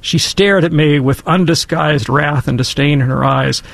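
A man telling a story and giving commentary in a casual, animated, emphatic way. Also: a little high, moderate pace, vocal fry, dry recording. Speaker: guest commentator.

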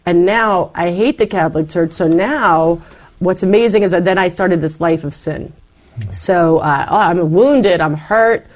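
Animated woman telling her life story. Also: fairly low pitch, measured pace. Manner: animated storyteller, acts out her past self in quotes. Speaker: interview guest. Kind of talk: personal testimony in conversation.

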